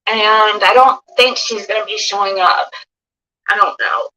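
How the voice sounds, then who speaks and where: Flustered woman streamer, bright voice. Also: mid-range voice, fairly even intonation, unhurried, recorded from a distance, poor audio. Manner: hesitant, stumbling and flustered. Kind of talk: casual live stream talk.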